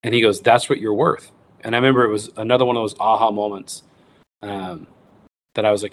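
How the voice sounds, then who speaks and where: A lower-voiced man in his thirties tells his story in a relaxed interview, slipping into quick impressions of bosses and clients as he goes. He restarts his sentences often. A faint hiss sits under the recording. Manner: animated storyteller acting out quoted voices, many restarts. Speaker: guest, wild game cook and recipe writer.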